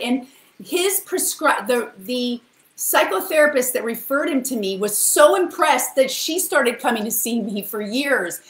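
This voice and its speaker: A fairly high-pitched woman tells motivational stories with a very lively, swooping delivery. She throws herself into the quotes she acts out. The room around her rings with echo. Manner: animated, emotional, acts out quotes with big pitch jumps. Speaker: practitioner giving a motivational talk. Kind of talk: motivational storytelling. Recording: echoey room.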